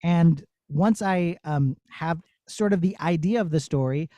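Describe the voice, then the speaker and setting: A man who works as a puppeteer, answering children's questions in a playful, animated way on a video call. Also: on the high side, a little slow, no echo. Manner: animated, storytelling tone with silly asides.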